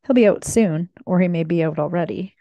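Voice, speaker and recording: A woman's voice: on the low side, a little fast, dark tone, no room sound, dull audio, lightly acted. A woman voicing a clever, adventurous man in a read-aloud mystery, with a wry, self-assured delivery.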